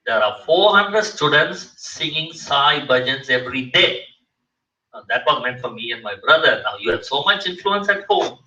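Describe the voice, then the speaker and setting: A man's voice: a little high, bright, forceful tone. A man in his sixties from Sri Lanka, giving an earnest guest talk and acting out the dialogue of his story. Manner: earnest, acts out quoted dialogue. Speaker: guest speaker. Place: community center hall. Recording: roomy, distant, dull-toned hall recording.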